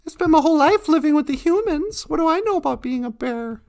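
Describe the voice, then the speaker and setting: A man's voice: very high-pitched, animated, fast, gravelly, a little mellow, full character voice. A man voicing a naive young male teddy bear who talks in an earnest, unsure way.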